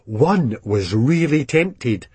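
A man with a Scottish accent reading a first-person story aloud in dialect, lively and expressive. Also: mid-range voice, extremely slow, husky, dry recording. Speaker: reader.

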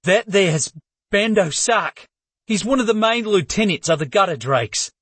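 A man's voice: high voice, animated, measured pace, a bit bright, breathy edge, no echo, voice pushed up, heavily acted. Man doing a nervous, shifty gambler. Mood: defensive. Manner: nervous, defensive, stammering. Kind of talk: audiobook character voice.

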